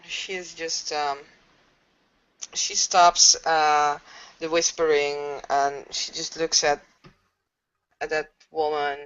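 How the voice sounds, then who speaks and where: A woman playing a tabletop game, describing her character's actions in a halting, hesitant way, on a dull lo-fi recording. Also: deep voice, little pitch movement, a bit bright, clean tone. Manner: hesitant, halting narration with fillers. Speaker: player.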